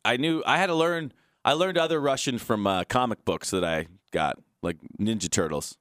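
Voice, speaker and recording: A man's voice: medium pitch, normal speed, no echo, studio quality. A man co-hosting a podcast, joking in casual chat with lots of swearing. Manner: profane, joking, animated. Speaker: podcast co-host.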